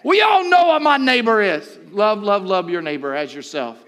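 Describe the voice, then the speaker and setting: A man preaching a sermon as pastor, swinging between loud shouts and low, quiet stretches, repeating words and calling out to the congregation. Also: sing-song, normal speed. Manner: impassioned preaching, rising to shouts and dropping low.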